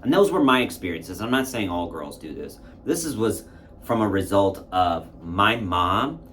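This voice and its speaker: A man's voice: deep voice, sing-song, moderate pace, fairly bright tone, slight background noise. A man casually telling a candid, reflective personal story and acting out his own past thoughts. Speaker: spiritual content creator.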